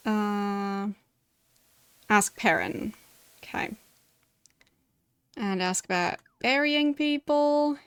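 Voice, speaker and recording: A woman streaming a retro role-playing game, reading its text aloud and adding wry, sarcastic asides in a quiet, muttered voice. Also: medium pitch, extremely slow, pauses often, clear, resonant tone, no room sound.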